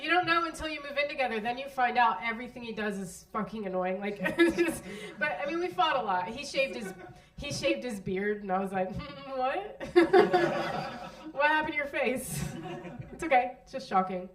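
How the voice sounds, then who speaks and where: A woman's voice: on the high side, lively intonation, normal speed, recorded from a distance. An American woman performing a stand-up comedy set in a club, chatting with the crowd, laughing at her own jokes and acting out the people she describes. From United States. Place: comedy club stage, live audience. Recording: roomy live recording, mic heard from afar.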